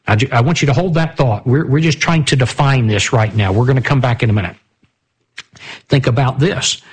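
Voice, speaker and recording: A man's voice: mid-range voice, slightly rough. A man teaching a Bible study, asking his listeners rhetorical questions and reading verses aloud.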